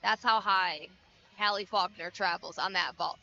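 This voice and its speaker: A woman's voice: mid-range voice, normal speed, vocal fry, bright, forceful tone, faint music behind. A woman giving color commentary on a gymnastics meet, enthusiastic and chatty, with a muffled broadcast sound. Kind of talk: sports commentary.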